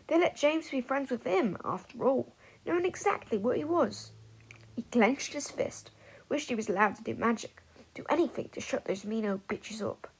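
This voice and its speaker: A woman narrating a fan fiction audiobook in an expressive, animated way. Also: a little high, moderate pace, breathy edge, rough recording.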